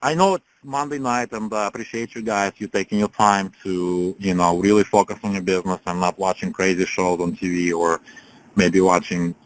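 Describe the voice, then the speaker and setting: Rambling motivational coach, low-voiced man. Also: steady tone, moderate pace, a little hiss or hum, poor audio. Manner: rambling, with lots of fillers and "right?"; acts out the quoted people with shifts in pitch and loudness. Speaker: business coach on a group call. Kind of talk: motivational storytelling on a call.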